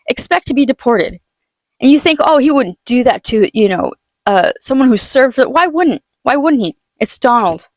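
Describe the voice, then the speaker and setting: A woman's voice: high-pitched, no room sound. A young woman giving a blunt, sarcastic, profane political rant in a casual vlog, stumbling and restarting often. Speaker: political vlogger. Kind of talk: casual ranting monologue.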